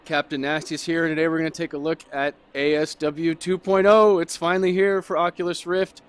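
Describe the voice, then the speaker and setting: A middle-aged man giving casual, excitable commentary as he drives a racing simulator, talking in bursts with lots of fillers. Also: on the high side, fairly quick, clear, resonant tone. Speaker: sim racing YouTuber. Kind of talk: casual commentary while driving.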